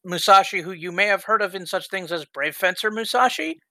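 Man, podcast co-host, bright sharp voice, explains and hedges, dry. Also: sits high, fairly quick, no room sound, poor audio. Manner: explanatory, hedging. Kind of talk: casual chat.

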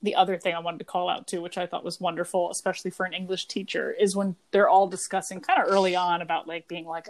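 A young adult woman co-hosting a casual podcast, chatty and quick to laugh as she talks through a TV episode. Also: lowish voice, level tone. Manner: chatty, laughing often, quoting characters. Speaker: podcast co-host. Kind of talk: casual chat.

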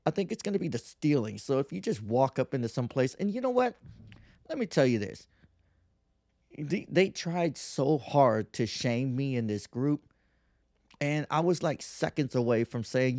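A podcast host in his thirties rants through a casual monologue in a medium-pitched, animated voice with a darkish tone and moderate pace. The studio sound is clean with no echo. He's brash, profane, and mocking, mimicking other people in whiny voices.

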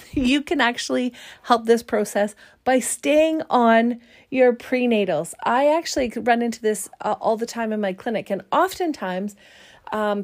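A woman's voice: fairly high pitch, a little mellow. Upbeat chatty woman podcast host. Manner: upbeat, chatty, with frequent fillers and quick laughs. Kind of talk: casual solo podcast talk.

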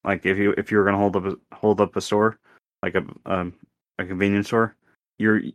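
A man with a slightly low voice talks on a gaming podcast, stopping and restarting his sentences as he works out what he means. The sound is dry and close, with no room around it. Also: level tone, no room sound. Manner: halting, many restarts and fillers. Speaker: podcast co-host. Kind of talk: casual chat.

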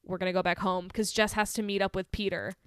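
A young woman co-hosting a podcast, chatting casually, animated and swearing freely as she recaps a film. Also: mid-range voice, quick pace, smooth, dry recording, studio quality. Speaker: podcast co-host.

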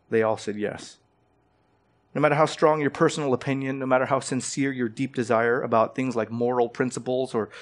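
Preaching a sermon, a medium-pitched pastor drives his points home with direct questions and rising emphasis. He often repeats words as he begins a phrase.

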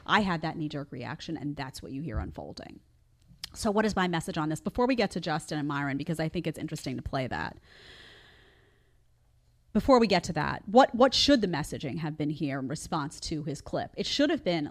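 A woman hosting her own commentary show, reacting emphatically to old clips with loud bursts and quiet asides. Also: on the low side, a little fast. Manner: animated, emphatic, jumps between loud outbursts and quiet asides. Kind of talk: opinionated commentary.

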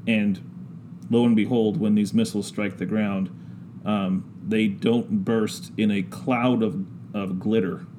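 A man telling a story in casual podcast talk, slow and drawn out with frequent ums. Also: on the low side, steady tone, noisy background. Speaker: podcast guest discussing scripture.

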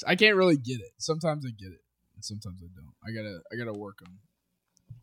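A man's voice: lowish voice, sing-song, brisk, bright, forceful tone, dry recording, clean studio sound. A man co-hosting a casual podcast from a cafe, goofy and laughing often, talking into a podcast mic. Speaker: podcast co-host. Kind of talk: casual chat.

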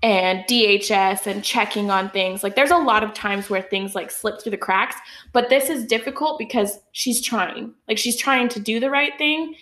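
A woman's voice: medium pitch, moderate pace, reverberant. A young woman co-hosting a podcast, chatting casually and indignantly, with lots of filler words. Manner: animated, indignant, many fillers. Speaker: podcast co-host. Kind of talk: casual chat.

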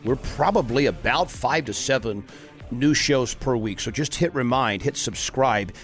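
A man hosting a political talk show, delivering a sarcastic, animated monologue that rises into emphatic outbursts. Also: medium pitch, measured pace, faint music behind.

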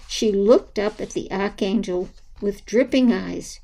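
A woman reads a children's story aloud with a gentle, unhurried delivery. Her voice is mellow and soft at the edges, pitched in an ordinary middle range. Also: creaky, poor audio. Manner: slow, gentle storybook reading. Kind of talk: scripted narration of a children's story.

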